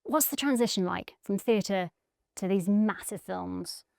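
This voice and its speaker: A woman's voice: medium pitch, a little slow, vocal fry, darkish tone, no room sound, clean studio sound. A woman hosting an interview, asking questions in a complimentary manner. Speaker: interview host.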